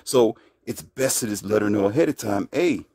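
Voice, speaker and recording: A man's voice: lowish voice, fairly quick, creaky, mellow, no echo, clean studio sound. A man giving relationship commentary in a blunt, brash, lecturing manner. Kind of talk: casual commentary monologue.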